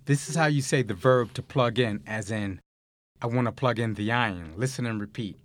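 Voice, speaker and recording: In this dry recording, a medium-pitched male host walks learners through a scripted Spanish lesson. His delivery is measured and crisp as he points out grammar errors and offers phrases to listen to and repeat.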